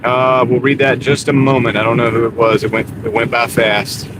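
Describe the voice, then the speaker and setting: A man's voice: mid-range voice, flat delivery, fairly quick. A man chatting casually on a live stream while driving for deliveries, rambling and easygoing. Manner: rambling, easygoing, many fillers. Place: inside a car while driving. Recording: car noise in background.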